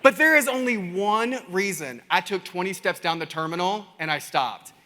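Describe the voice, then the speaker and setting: A man with a Kentucky Southern accent giving an animated keynote talk, telling stories to a crowd and calling them y'all. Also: sits high, moderate pace. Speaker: keynote speaker. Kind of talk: energetic keynote storytelling. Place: large conference stage. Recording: reverberant conference hall.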